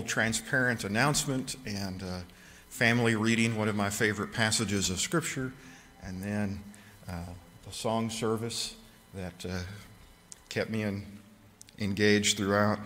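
A man's voice: lowish voice, fairly bright tone, in a large hall. A man preaching a sermon in a church, talking conversationally with frequent fillers and restarts. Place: church sanctuary.

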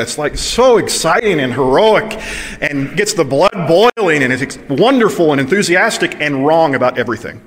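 Pastor from preaching in a hall. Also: male voice, on the high side, lively intonation, brisk, fairly bright tone. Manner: conversational, asks the audience questions. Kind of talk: sermon. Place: church.

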